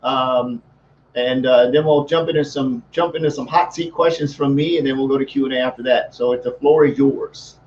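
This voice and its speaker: A man's voice: mid-range voice, steady tone, moderate pace, darkish tone. A man hosting a live stream, upbeat and repeating words as he introduces a guest. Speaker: host. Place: Saint Louis. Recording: slightly dull with faint noise.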